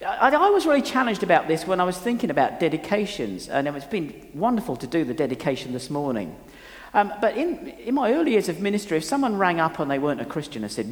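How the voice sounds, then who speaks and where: A man's voice: on the high side, big pitch swings, quick pace, long reverb tail. An older man, a pastor, preaching an earnest sermon and telling stories from his own life. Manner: earnest, storytelling, with frequent restarts.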